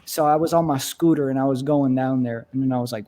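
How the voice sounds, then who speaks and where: A man's voice: mid-range voice, quick pace, warm tone. A young man in casual chat with friends, swearing and laughing through his stories.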